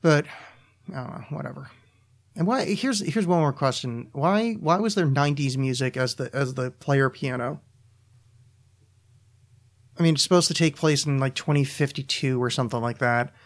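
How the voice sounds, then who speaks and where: A man's voice: medium pitch, moderate pace, long pauses. A man hosting a solo podcast, ranting casually with profanity, restarts and repeated words. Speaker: podcast host.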